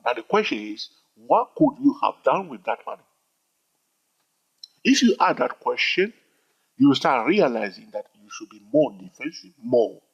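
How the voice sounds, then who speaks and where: In a dull, lo-fi recording, a man teaches trading informally, repeating points emphatically and checking in with "all right?" again and again. His medium-pitched voice is gravelly and slightly rough.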